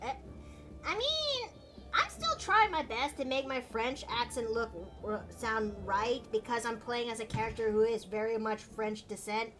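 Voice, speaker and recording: A high-pitched woman chatting casually on an art stream. She giggles often and rambles, restarting her sentences. Faint music plays beneath her voice. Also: animated, a little slow. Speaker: streamer and artist.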